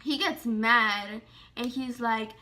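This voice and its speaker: Young woman vlogger, high bright voice, animated slangy storytelling. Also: takes it slowly, a little hiss or hum. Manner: animated, slangy, heavy on "like" and swearing. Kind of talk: casual storytime.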